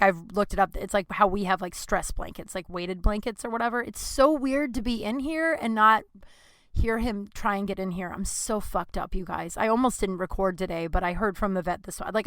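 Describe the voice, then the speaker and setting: A woman's voice: medium pitch, fairly quick, pushed and bright, clean tone, no echo, clean studio sound. A young adult woman hosting her own podcast, talking in a rambling, emotional way and swearing freely. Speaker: podcast host. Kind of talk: casual personal podcast monologue.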